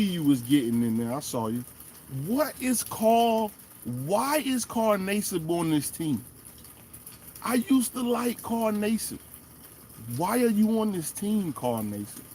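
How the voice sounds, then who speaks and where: A man hosting a fan show, giving animated, emphatic casual commentary and talking straight to the players. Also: high-pitched, a little hiss or hum. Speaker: sports fan show host.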